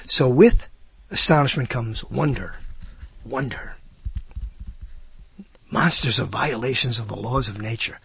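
A man's voice: unhurried, creaky, long pauses, breathy edge. An older man rambling through a musing monologue, his voice swooping up sharply on questions. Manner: animated, swoops up in pitch for questions. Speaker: speaker musing to listeners.

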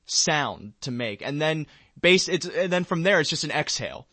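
A man's voice: on the high side, expressive, moderate pace, bright, forceful tone, dry recording. A man co-hosting a casual comedic chat, explaining things wryly. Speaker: podcast co-host.

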